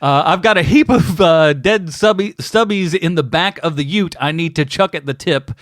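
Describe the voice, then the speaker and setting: A man's voice: fairly high pitch, moderate pace, no echo, studio quality, natural voice. A man reading a fan letter in an exaggerated put-on Australian accent, playing a cheerful, slangy Aussie bloke. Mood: cheery, slangy.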